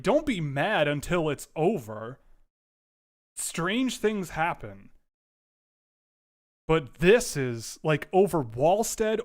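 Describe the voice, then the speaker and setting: A man hosting a casual livestream from home, giving rambling, animated commentary with frequent restarts. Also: fairly high pitch. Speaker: livestream host.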